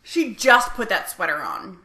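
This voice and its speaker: A woman's voice: medium pitch, very animated, a little slow, sharp tone, echoey room. A woman with hiccups in a casual movie commentary, blunt and swearing.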